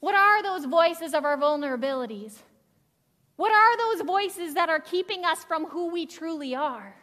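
A woman pastor preaching a sermon with energetic, earnest delivery and quick restarts. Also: extremely high pitch. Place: church sanctuary. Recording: long reverb of a church hall.

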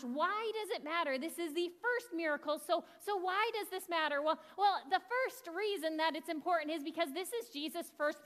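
A woman's voice: extremely high pitch, a bit bright. A woman pastor giving a chatty, conversational sermon with asides to the congregation. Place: church sanctuary. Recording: long church reverb.

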